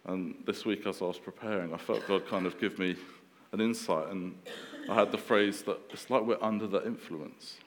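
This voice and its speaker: A man in his thirties preaching a sermon in a relaxed, conversational way, with fillers and restarts. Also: sits low, moderate pace, few pauses, in a large hall, a little hiss or hum.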